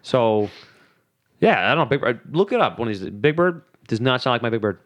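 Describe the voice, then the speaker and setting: A man's voice: lively intonation, fairly quick. A man co-hosting a podcast, chatting casually and jokily. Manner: jokey, breaks into silly high character voices. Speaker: podcast co-host. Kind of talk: casual banter.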